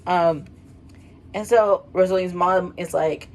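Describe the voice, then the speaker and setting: A woman's voice: sits low, a little slow, darkish tone, rough recording. A woman in her twenties casually reading her old writing, rambling and self-mocking with lots of fillers. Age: 20s. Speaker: vlogger.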